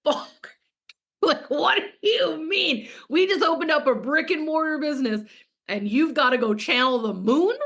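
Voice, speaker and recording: A woman's voice: sits high, moderate pace, fairly bright tone, pitched above the performer's own voice. A woman mimicking her baffled, exasperated husband, swearing in disbelief. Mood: incredulous. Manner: incredulous, swearing.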